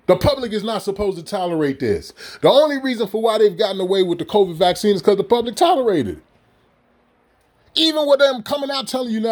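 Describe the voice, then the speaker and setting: A man's voice: high voice, animated, quick pace, a little mellow. A man ranting to his audience in a heated, profane, mocking monologue full of rhetorical questions. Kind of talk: profane monologue straight to camera.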